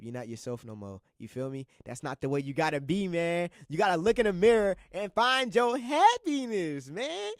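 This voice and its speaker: A young college student hosting a radio show, talking casually and earnestly, rambling and repeating himself with slang. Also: male voice, medium pitch, a little mellow, clean tone, no room sound, studio quality. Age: young adult. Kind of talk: casual motivational monologue.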